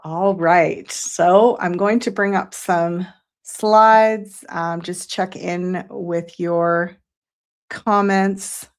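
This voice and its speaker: Woman host on a live stream, slow and effusive, reads comments aloud and thanks each viewer. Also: on the low side, steady tone. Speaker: psychic show host.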